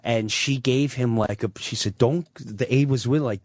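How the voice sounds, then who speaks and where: A man's voice: mid-range voice, normal speed, few pauses, dry recording, clean studio sound. A man telling a long personal story on a talk radio show, acting out what other people said. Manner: animated, acts out quoted voices.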